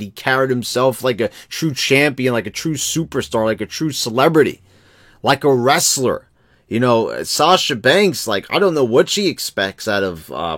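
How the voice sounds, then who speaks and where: A man talking off the cuff, stumbling over his words and swearing freely as he works himself up. His voice sits at an ordinary pitch for a man. The sound is close and dry, with no room around it. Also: fairly bright tone, no room sound. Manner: rambling, many restarts, profane. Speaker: wrestling commentary vlogger. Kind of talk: casual opinion rant.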